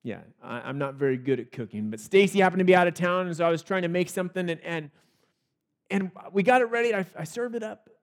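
Male pastor, higher-pitched voice, loose conversational sermon delivery with restarts. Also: fast talker. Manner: conversational, with frequent restarts and small laughs.

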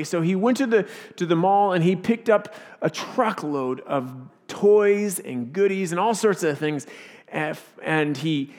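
High-voiced pastor guy giving a sermon, lively storyteller, big echoey church. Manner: animated storyteller, acts out voices. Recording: reverberant church hall.

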